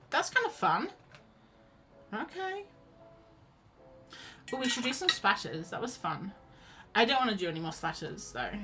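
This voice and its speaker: A woman's voice: mid-range voice, sharp tone, low-quality recording. A woman chatting casually and rambling as she paints on a stream. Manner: chatty, rambling, self-deprecating. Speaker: art streamer. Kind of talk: casual chat while painting.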